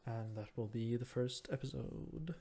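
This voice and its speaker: A man's voice: medium pitch, measured pace, creaky, dark tone. A man whose first language is Norwegian, murmuring his thoughts aloud and musing in a self-deprecating way while he plays a game. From Norway. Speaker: gamer. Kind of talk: casual gameplay commentary.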